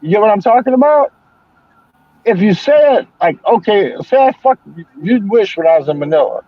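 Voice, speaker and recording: A man's voice: high voice, lively intonation, moderate pace, dry recording. An older man chatting casually as a stream host, telling rambling, profane stories. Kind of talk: casual chat. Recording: dull lo-fi sound.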